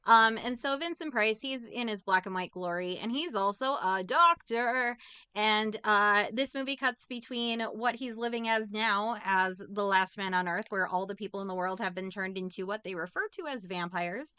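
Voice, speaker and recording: A woman's voice: medium pitch, pushed and bright, clean tone, no room sound. A woman co-hosting a podcast, casually recapping a movie plot with sarcastic jokes. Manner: sarcastic, jokey, acts out characters' lines. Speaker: podcast co-host.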